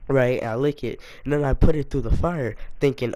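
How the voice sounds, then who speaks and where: A young man telling a casual story to his viewers, animated and self-mocking, full of slang. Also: mid-range voice, normal speed, few pauses. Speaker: storytime YouTuber.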